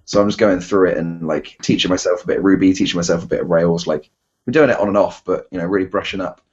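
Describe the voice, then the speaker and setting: A man's voice: low-pitched, fast, darkish tone, slightly rough, muffled recording. A man with a Bristol English accent, hosting a casual podcast chat, rambling and self-deprecating with lots of fillers and restarts. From England. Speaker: podcast host.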